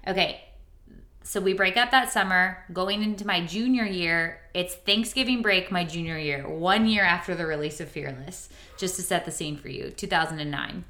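Woman, 30s, podcast co-host; chatty storyteller, slightly low, bright voice, echoey room. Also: moderate pace. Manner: chatty, storytelling, reads lyrics aloud. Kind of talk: casual chat about songs.

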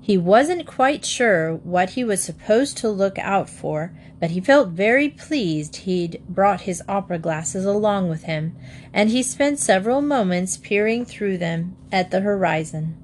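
A woman reading a children's storybook aloud in a gentle manner. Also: medium pitch, slight background noise. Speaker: narrator.

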